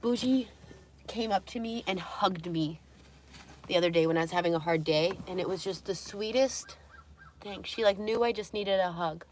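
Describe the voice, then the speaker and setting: A woman's voice: mid-range voice, normal speed, a little mellow, slight background noise. Chatty young woman live-streaming, cooing. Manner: chatty, slips into cooing baby talk to her dogs. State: runny nose. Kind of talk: casual live-stream chat.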